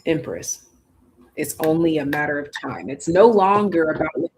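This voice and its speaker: On a live stream, a tarot reader talks straight to viewers in a lively, sassy way, calling them "baby" and "darling" as her voice jumps between high and low. She speaks a little fast, with background noise.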